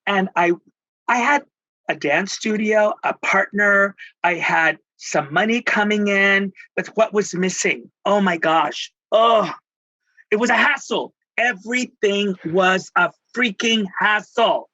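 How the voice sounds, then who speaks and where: A middle-aged life coach and spiritual healer from Texas slowly tells emotional personal stories in conversation, his high voice sharp-toned as he slips into Spanish endearments. The audio is dry and dull.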